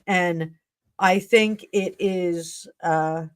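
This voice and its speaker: A woman's voice: lowish voice, fairly even intonation, extremely slow, no room sound. A woman hosting a live stream tarot reading who talks in an emotional, effusive way. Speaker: tarot reader and stream host.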